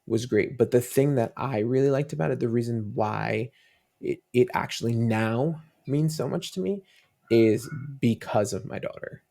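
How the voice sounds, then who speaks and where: Gravelly-voiced dad telling stories. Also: male voice, mid-range voice, moderate pace, warm tone. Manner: rambling storytelling with many fillers and restarts. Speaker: podcast guest. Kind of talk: casual interview chat.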